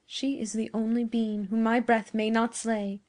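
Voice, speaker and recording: A brooding, desperate young man, as a woman narrator puts him on, muttering low and intensely. His voice sits fairly high for a man, and it is read aloud like a storybook. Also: flat delivery, unhurried, darkish tone, lightly acted.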